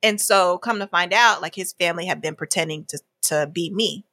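A woman with a bright, crisp tone recounts events in a lively, conversational way. She acts out the voices of people in her story, and the sound is dry and close. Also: lowish voice, a little fast, no echo. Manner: animated, acts out quoted dialogue with frequent laughs. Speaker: guest telling her story.

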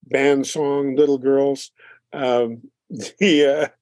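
A man, a band leader and drummer, chatting in an interview and telling animated stories with frequent laughs. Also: medium pitch, very slow, no room sound. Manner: animated storyteller, acts out quotes, laughs often. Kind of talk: casual interview chat.

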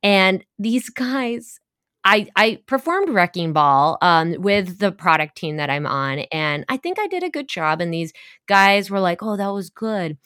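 A woman's voice: medium pitch, very animated, unhurried, sharp tone, smooth, no echo, studio quality. A young woman co-hosting a podcast, chatting loosely and telling stories with lots of fillers. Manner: chatty storyteller with many fillers and laughs. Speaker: podcast co-host. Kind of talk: casual chat.

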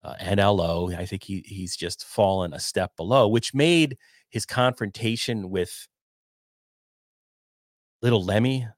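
A man's voice: lowish voice, a little slow, pauses often, dry recording, studio quality. A man hosting a casual livestream, rambling loosely, swearing and reading viewer donations aloud. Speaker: podcast host reading chat.

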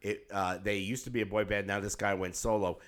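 A middle-aged man with a somewhat low voice, co-hosting a podcast. He talks in a loose, rambling way and swears freely. He sounds tired. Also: fairly even intonation, fairly quick, a bit bright. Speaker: podcast co-host. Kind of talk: casual chat.

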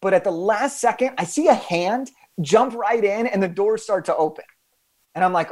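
A young man with a fairly high voice tells a story as a podcast guest. He talks with animated emphasis, often restarting his sentences as he builds the story. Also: moderate pace.

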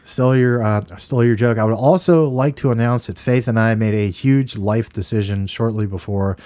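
A man's voice: on the low side, normal speed, mellow, no echo. A middle-aged man co-hosting a movie podcast, rambling and joking as he tells stories. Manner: rambling, joking, laid-back storyteller. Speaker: podcast co-host. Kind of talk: casual movie podcast chat.

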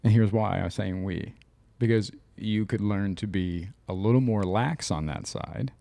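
A relaxed man in his thirties co-hosting a podcast, easygoing and profane, slipping into other people's voices when he quotes them. His voice sits low, and the recording is close and dry with no room sound. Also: moderate pace, creaky, dry recording. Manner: loose, swearing, acts out quoted lines. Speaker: podcast co-host. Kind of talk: casual chat.

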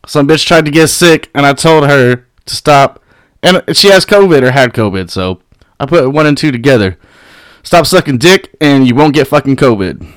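A man's voice: expressive, moderate pace, no room sound. Brash, foul-mouthed man, dry close mic. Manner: brash and mocking, swears constantly, laughs at his critics; mimics critics in a high mocking voice. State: high on weed. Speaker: podcast host. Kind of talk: profane solo podcast rant.

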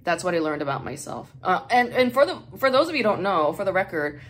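A woman's voice: lowish voice, very animated, fast talker, a little hiss or hum. A woman hosting a podcast who chats casually and candidly, swearing freely and laughing often; English is her second language. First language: not English. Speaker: podcast host.

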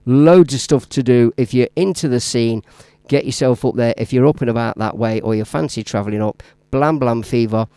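A man's voice: mid-range voice, moderate pace, mellow, smooth, no room sound. A man with a Midlands accent hosting a radio show as DJ, talking in a rambling, chatty way that waffles on between records. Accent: Midlands English. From English Midlands. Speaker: radio DJ host. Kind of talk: casual radio DJ chat.

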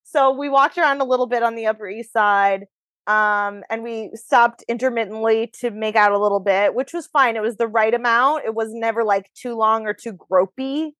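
A woman's voice: a little high, normal speed, fairly bright tone, dry recording. A woman hosting a podcast, chatting frankly and casually about her dating life. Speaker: podcast host. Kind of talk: casual chat. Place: New York.

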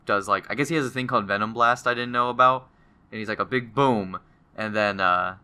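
A young man with a very bright, crisp voice, talking casually about comics and movies. He is animated and slips into goofy character voices as he retells scenes. His voice is smooth and clear throughout. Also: on the low side, a little fast. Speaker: podcast co-host.

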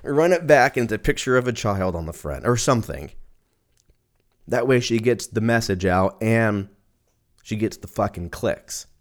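Talking solo in a loose, conversational ramble, this young man wanders between topics and curses without hesitation. His lowish voice is animated and moves at a moderate pace.

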